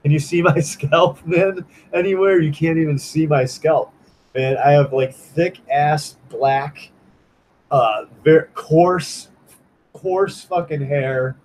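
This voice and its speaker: A man's voice: on the high side, slow, a little mellow, rough recording. A man chatting casually on a livestream as a comic artist, rambling and swearing, with many restarts and fillers.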